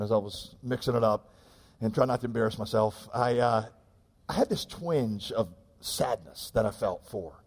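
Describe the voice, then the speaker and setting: Man, 30s, pastor preaching, animated, self-deprecating humor, long hall reverb. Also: medium pitch. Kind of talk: sermon.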